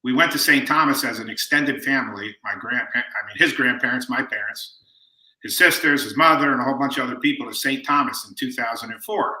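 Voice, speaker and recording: Brief: man in his fifties, podcast guest, very bright and forceful tone, easy storyteller, echoey room. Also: medium pitch, fairly quick. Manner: relaxed anecdotal storyteller who acts out quoted lines. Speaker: guest author. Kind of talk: storytelling in conversation. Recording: roomy echo.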